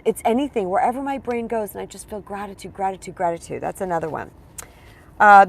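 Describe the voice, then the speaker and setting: A woman speaking as a spiritual coach in a casual teaching monologue, chatty and emphatic, often checking in with her listeners. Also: mid-range voice.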